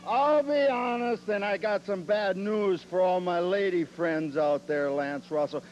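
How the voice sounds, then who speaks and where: A cocky male wrestler drawls through a boastful promo, mocking and teasing. His voice sits high for a man and moves slowly. Old TV tape with hiss and hum underneath. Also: dull audio. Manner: cocky, mocking, drawling, laughs at own jokes.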